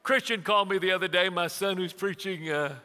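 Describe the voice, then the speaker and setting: A man in his sixties preaches with a bright, ringing, high-pitched voice, which carries a long reverb through a church sanctuary. He is a pastor who tells funny family stories and acts out both sides of the conversations. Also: brisk, clear, resonant tone, some chatter behind. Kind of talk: sermon.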